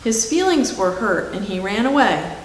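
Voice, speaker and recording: A woman's voice: medium pitch, sing-song, moderate pace. A woman voicing a pompous, self-assured male vegetable detective with grand, theatrical speech. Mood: confident. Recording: echoey hall with faint hiss.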